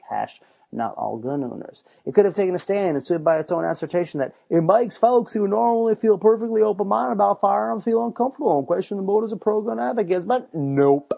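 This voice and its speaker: A man's voice: high voice, a little fast, vocal fry, husky, muffled recording. A man hosting satirical commentary, sarcastic in tone, breaking into mocking voices when he reads quotes. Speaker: podcast host.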